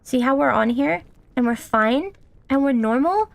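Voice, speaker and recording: A woman's voice: sits high, lively intonation, a little slow, creaky, no echo. Swearing, exasperated young woman streamer. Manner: exasperated, swears often, talks to the game character. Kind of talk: casual gameplay commentary.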